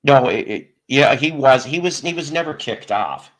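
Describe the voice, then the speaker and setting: A man's voice: medium pitch, expressive, normal speed, fairly bright tone. A middle-aged man hosting a live stream, chatting casually and rambling through stories with frequent restarts. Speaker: host of a live stream show. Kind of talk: casual chat.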